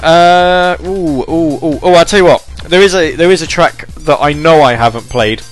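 A man's voice: fairly high pitch, normal speed, faint music behind. A man hosting a podcast alone, rambling and self-deprecating, with many fillers and restarts. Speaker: podcast host. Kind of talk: casual solo podcast chat.

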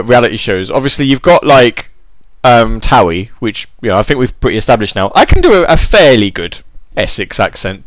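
A man's voice: mid-range voice, no room sound. A man chatting casually, rambling and joking at his own expense. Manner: rambling, joking, self-deprecating. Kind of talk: casual chat.

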